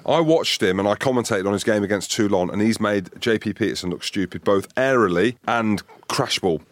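Guy with a lowish voice ribbing his cohost on a rugby-type podcast, dry close mic. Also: no echo. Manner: teasing, needling, quick interjections. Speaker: podcast co-host. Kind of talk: casual sports banter.

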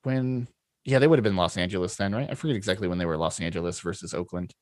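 A man's voice: low voice, quick pace, a little mellow, no echo. A man co-hosting a podcast, retelling movie scenes in casual chat with fillers and laughter. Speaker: podcast co-host.

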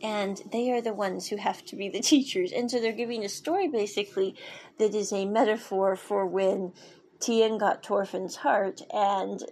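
A woman's voice: mid-range voice, moderate pace, darkish tone, a little hiss or hum. A woman casually recapping a story, rambling and digressive with many fillers and restarts. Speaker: show recapper.

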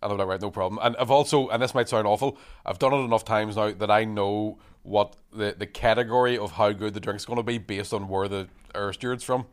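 Fast-talking man telling stories. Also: lowish voice. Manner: animated, sweary, often laughing mid-sentence. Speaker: guest comedian. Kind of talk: casual podcast storytelling.

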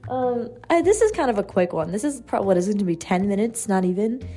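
A woman's voice: medium pitch, lively intonation, quick pace, dark tone, husky, soft background music. A young adult woman hosting a solo podcast, chatting candidly and rambling with lots of fillers and casual swearing. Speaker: podcast host.

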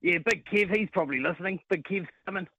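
A man's voice: sits high, fast talker, pushed and bright, no echo, dull audio. A man with a New Zealand accent calling in to a sports radio show, laid-back and saying mate a lot. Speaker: caller. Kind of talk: casual phone-in chat.

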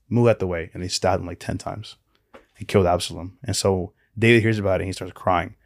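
A man co-hosting a casual Bible discussion podcast, retelling stories loosely with many fillers and quick acted quotes. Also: sits low, steady tone, creaky, no echo, studio quality. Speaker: podcast co-host.

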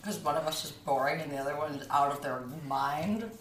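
A woman's voice: low voice, fairly quick. A young adult woman co-hosting a podcast, chatting in a playful, sarcastic way. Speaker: podcast co-host. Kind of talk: casual chat. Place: in a car, then a home kitchen. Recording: roomy, with loud background noise.

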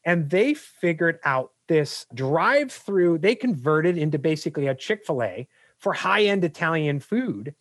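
A man who is a business coach, a guest on a podcast, telling anecdotes in an energetic, animated way. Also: fairly high pitch, a little slow, no echo. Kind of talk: podcast interview storytelling.

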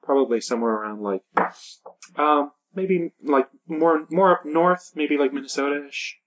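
A woman taking part as a player in a tabletop game. Her voice is unusually deep. She thinks aloud in a hesitant way, with many restarts. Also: unhurried, low-quality recording. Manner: thoughtful, hesitant, lots of restarts. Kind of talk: casual tabletop role-play chat.

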